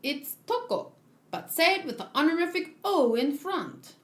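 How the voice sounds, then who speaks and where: Bubbly little girl, high and bouncy, giggles a lot, put on by a woman reader. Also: very animated, normal speed, echoey room. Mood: giggly. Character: cheerful little girl, giggly shrine-maiden-in-training. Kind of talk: read-along voice acting.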